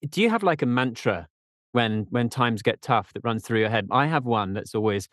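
A man's voice: mid-range voice, expressive, normal speed, a bit bright, no echo, clean studio sound. A man hosting a podcast, asking a guest questions in a friendly, stumbling way. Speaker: podcast host. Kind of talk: casual interview questions.

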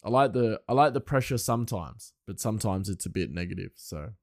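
A man's voice: lowish voice, expressive, fairly quick, dry recording. Young man, rambling solo podcast chat, dry close sound, laughs often.

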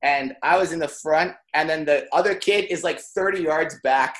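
Animated young man telling a story. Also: fairly high pitch, normal speed. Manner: animated, swears freely, laughs while telling. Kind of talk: casual storytelling chat.

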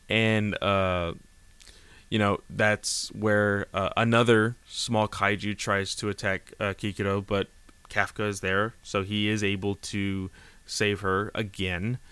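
Man, casual comic recap, rambling, lots of fillers, smooth clear voice, fairly low. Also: flat delivery, takes it slowly, a bit bright, no echo. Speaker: manga recap vlogger.

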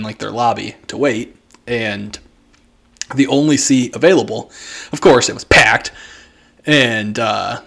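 A man from the American Midwest casually telling a story on a podcast, animated, swearing freely, and mimicking people in exaggerated voices. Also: medium pitch. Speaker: podcast co-host.

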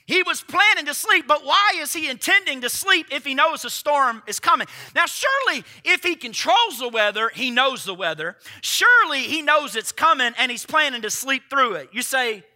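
A man's voice: extremely high pitch, big pitch swings, moderate pace, hardly any pauses, sharp tone. A man preaching a sermon emphatically, firing rhetorical questions at his congregation. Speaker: pastor.

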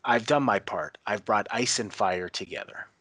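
A cryptic priestess speaks gravely, read by a man. The pitch sits fairly low. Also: normal speed, fairly bright tone, no echo. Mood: solemn. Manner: solemn, grave lines. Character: woman priestess, cryptic and solemn.

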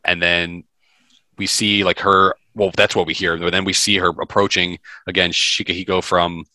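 Male podcast host, very low voice, casual profane plot recap. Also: flat delivery, moderate pace, sharp tone, no echo, poor audio. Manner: loose and profane, sprinkled with ums.

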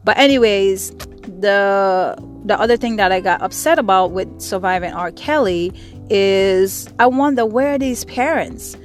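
Middle-aged woman host, angry and profane, repeating her points hard, mid-pitched voice, soft music behind. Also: unhurried. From Caribbean. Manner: angry, profane, repetitive emphatic speech. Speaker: podcast host. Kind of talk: impassioned monologue.

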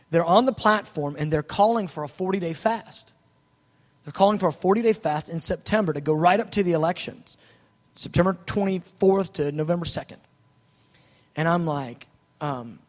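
A man preaching a sermon, telling his story with animated swings from soft asides to loud outbursts. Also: a little high. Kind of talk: sermon testimony. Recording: long hall reverb.

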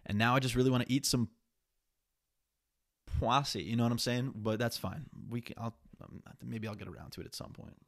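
A man's voice: mid-range voice, a little fast, creaky. A young man hosting a solo podcast, talking in a rambling, profane, candid way. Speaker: podcast host. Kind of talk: casual solo podcast monologue.

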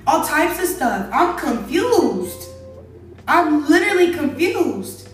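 A woman's voice: high voice, big pitch swings, slow, recorded from a distance. A young adult woman telling a casual story, chatty and exasperated, talking straight to her viewers. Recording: very echoey room, away from mic, faint music.

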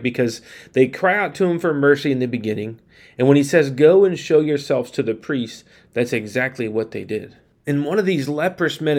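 A male pastor giving an earnest sermon, reading scripture aloud and slowing down to stress key phrases. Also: mid-range voice, darkish tone. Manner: earnest, emphatic preaching with slowed, stressed phrases.

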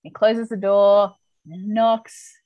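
A woman's voice: mid-range voice, level tone, takes it slowly, no echo, highs cut off. A woman co-hosting a casual chat, animatedly retelling a TV episode and reacting with laughs. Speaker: podcast co-host recapping a TV episode.

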